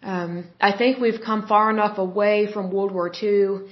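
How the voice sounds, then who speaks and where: A woman's voice: mid-range voice, fairly even intonation, unhurried. Opinionated woman podcaster, roomy and dull. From United States. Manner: opinionated, rambling with fillers. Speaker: podcast host. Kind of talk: solo podcast commentary.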